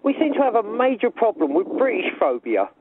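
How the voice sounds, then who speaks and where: A man's voice: sits high, wildly swooping pitch, brisk, over a noisy crowd. A man calling in to a radio show, earnestly and repetitively airing a complaint over a phone line. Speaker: radio caller. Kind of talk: phone-in call.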